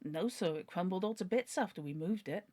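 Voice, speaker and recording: A woman's voice: fairly low pitch, brisk, a little mellow, close to an everyday voice. A woman voicing a humble, pleading older male butler while reading a novel aloud. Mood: earnest. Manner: earnest, deferential, begging.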